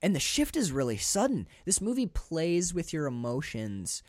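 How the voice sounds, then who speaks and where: A man co-hosting a podcast, talking through a film in a casual, animated, profane way. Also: on the high side, normal speed, no echo, clean studio sound. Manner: animated, profane, restarts often. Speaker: podcast co-host.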